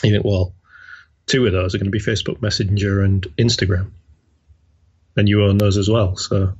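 Man, podcast co-host, husky, low voice, dry wry remarks, dull lo-fi sound. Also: level tone, normal speed, darkish tone. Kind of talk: casual chat.

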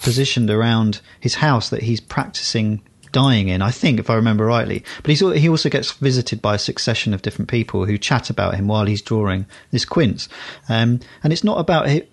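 A man's voice: medium pitch, creaky, slightly rough. A man co-hosting a podcast, chatting casually and rambling, often breaking off to correct himself. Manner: rambling, self-correcting storyteller. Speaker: podcast co-host. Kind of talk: casual chat.

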